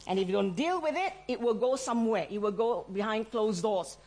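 A middle-aged woman preaching in a fairly high voice. She tells her stories with animation, slips into the voices of the people she quotes and laughs often. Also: animated, fairly quick, darkish tone. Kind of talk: sermon.

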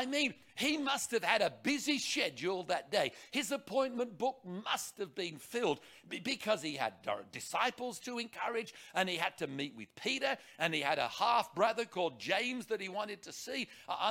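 A male preacher delivering a sermon in a high, lively voice that leaps around. His tone is bright and forceful with a gravelly edge, and he hammers points home with rhetorical questions and repetition.

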